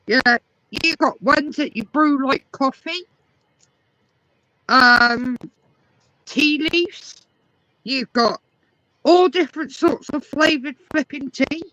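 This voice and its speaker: A woman's voice: high-pitched, slow, long pauses, bright, forceful tone, no room sound, rough recording. An English woman chatting casually, explaining things at length. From England. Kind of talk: casual chat.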